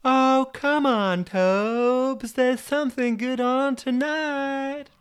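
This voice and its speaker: A man voicing a pushy female AI shopping assistant in a high, very slow falsetto. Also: smooth, full character voice. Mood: coaxing.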